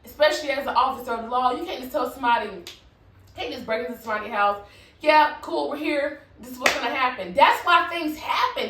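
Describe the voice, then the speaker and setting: A woman's voice: high-pitched, bright, forceful tone. Woman telling a story in an echoey room. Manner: conversational, leans on "like" and "you feel me", swears freely. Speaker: vlogger. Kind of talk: casual storytime. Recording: echoey room, voice from a distance from the mic.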